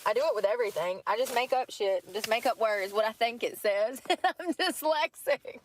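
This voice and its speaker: A woman's voice: on the high side, expressive, normal speed, background noise. A woman talking in casual chat from a parked car at night, rambling, laughing often and swearing freely. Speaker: vlogger.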